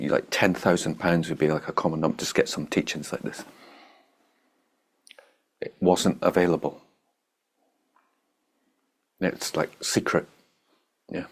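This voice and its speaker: A man's voice: low voice, husky. A man giving an informal spiritual talk as a meditation teacher, blunt and joking, laughing at his own points.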